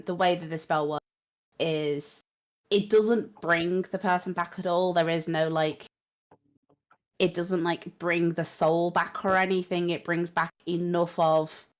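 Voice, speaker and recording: A woman narrating as game master of a tabletop role-playing game, telling the scene softly and without hurry. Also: lowish voice.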